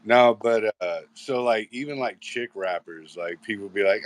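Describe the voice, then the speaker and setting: A man's voice: deep voice, moderate pace, hardly any pauses. A man hosting a casual live show, rambling and swearing a lot, often stopping to restart his sentences. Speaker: host.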